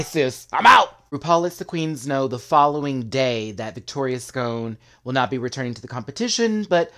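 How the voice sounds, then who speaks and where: Male show reviewer, sassy and animated, casual recap talk with quick asides. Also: fairly high pitch.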